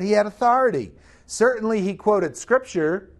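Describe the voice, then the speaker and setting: A man's voice: fairly high pitch, animated, measured pace, a little mellow. A man preaching a sermon, emphatic, asking the congregation rhetorical questions.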